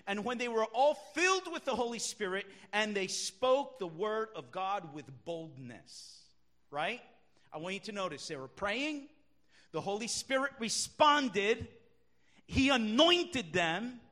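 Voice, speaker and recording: A man preaching a sermon as pastor, emphatic, swinging between quiet talk and loud shouts. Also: high voice.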